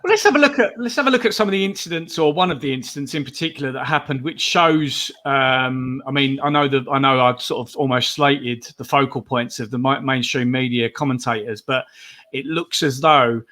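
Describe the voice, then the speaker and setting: A man's voice: medium pitch, fairly quick, pushed and bright. A man co-hosting a football chat, introducing clips in a hesitant way. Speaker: podcast co-host.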